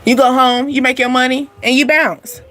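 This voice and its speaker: A woman with a somewhat high voice gives a casual spiritual energy reading. She talks bluntly and chattily, often turning aside to address her viewers directly. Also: little pitch movement, moderate pace, a bit bright, soft background music. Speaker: spiritual reading channel host.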